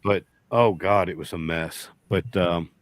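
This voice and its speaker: A very deep-voiced man with a drawl tells a long story in casual chat. His folksy, rambling delivery circles back and restarts often. The sound is dry and close, with no room echo. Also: fairly even intonation, a little slow. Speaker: beekeeper guest.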